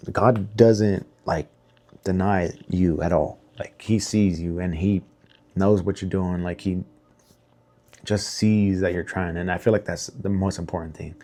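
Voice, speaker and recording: Young male vlogger, very low voice, candid rambling storyteller, swears freely. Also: mellow. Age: young adult. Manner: rambling, heavy swearing, lots of fillers and restarts; emotional, candid. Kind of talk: casual storytelling to camera.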